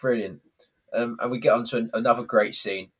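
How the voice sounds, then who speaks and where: A man's voice: medium pitch, fairly even intonation, brisk, husky. A young man co-hosting a podcast, chatting casually and enthusiastically, retelling scenes with acted-out quotes and frequent laughter. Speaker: podcast co-host.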